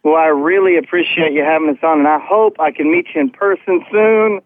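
A man's voice: on the high side, a little fast, dry recording. A male musician calling in by phone for a radio interview from outside a tour bus at a concert, upbeat and rambling. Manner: upbeat, rambling, lots of "um" and "man". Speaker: musician guest. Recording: tinny phone line.

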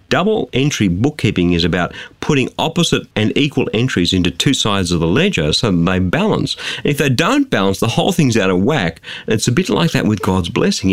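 Man, preacher, emphatic studio sermon, animated pitch, dry close sound. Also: dry recording. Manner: emphatic, rhetorical questions. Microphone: close studio mic.

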